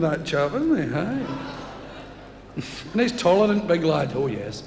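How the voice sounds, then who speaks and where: A man's voice: a little high, wildly swooping pitch, unhurried, pauses often, over music. A man in his thirties with a Scottish accent, telling stand-up stories to a live crowd and bantering with it. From Scotland. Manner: broad, rowdy, bantering with the crowd. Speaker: stand-up comedian. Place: large concert hall, live. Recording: echoey live concert hall recording. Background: audience.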